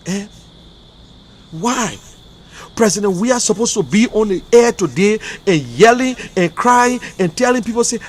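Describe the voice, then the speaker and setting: A Liberian man delivering an emotional, repetitive political rant as a commentator, swinging between loud outbursts and quiet, subdued stretches. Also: sits high, expressive, a little slow. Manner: emotional, repetitive, rising and falling intensity. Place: in America.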